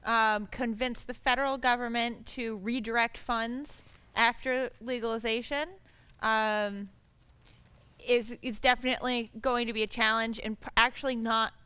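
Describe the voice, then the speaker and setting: A woman panelist answering a question, thinking aloud with pauses and fillers. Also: fairly high pitch, sharp tone, clear, resonant tone, dry recording. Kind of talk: panel discussion.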